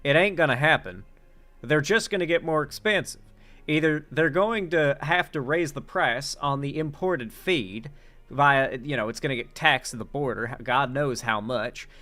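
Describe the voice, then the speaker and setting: A man's voice: on the high side, moderate pace, bright, forceful tone. A man putting on a brash, folksy Southern American accent with a blunt drawl.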